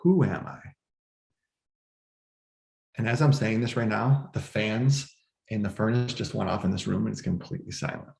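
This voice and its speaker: A podcast guest at home recounts a personal story in conversation, restless and emotional, full of restarts and quoted dialogue. His lowish voice moves fairly quickly with vocal fry and a slightly mellow quality. The room sound is noticeable.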